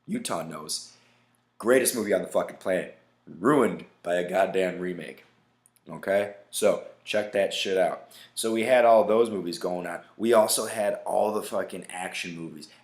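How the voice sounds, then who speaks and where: A man's voice: low-pitched, normal speed. A man hosting a casual solo podcast, ranting emphatically with lots of swearing and constantly asking "right?". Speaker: podcast host. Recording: echoey room.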